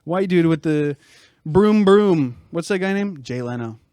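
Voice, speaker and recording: A man's voice: a little high, expressive, measured pace, a little mellow, smooth, no echo, clean studio sound. A young man co-hosting a podcast in casual chat, rambling and joking with lots of fillers and restarts. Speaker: podcast co-host.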